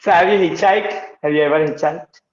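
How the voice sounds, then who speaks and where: A man's voice: a little high, brisk. A man, a student asking short questions on a video call. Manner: short prompts, asks questions, brief laughs. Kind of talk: casual video-call conversation. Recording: roomy, dull lo-fi, crowd behind.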